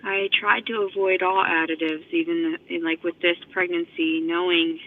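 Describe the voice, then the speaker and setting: A woman vlogger with a fairly low, level-toned voice rants profanely to her phone camera at normal speed. Slightly out of breath, she rambles on in a monologue, and the audio is thin like a phone line.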